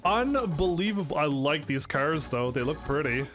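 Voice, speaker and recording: A man hosting a let's play, reading game text aloud and reacting with excited, sarcastic commentary. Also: medium pitch, normal speed. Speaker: gaming channel host. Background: faint game music.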